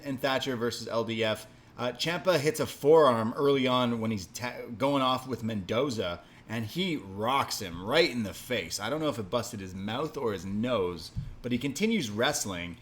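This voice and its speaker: A man's voice: mid-range voice, normal speed. A man co-hosting a wrestling review podcast, recapping the show in casual chat and acting out wrestlers' lines. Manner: animated, acts out wrestlers' lines in exaggerated voices.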